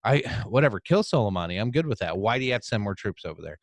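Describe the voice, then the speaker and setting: A low-voiced man ranting on a podcast, heated and profane, swearing as he builds up steam. His voice sits dry and close, with no room sound around it. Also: big pitch swings, quick pace, no room sound. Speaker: podcast co-host. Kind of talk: casual political chat.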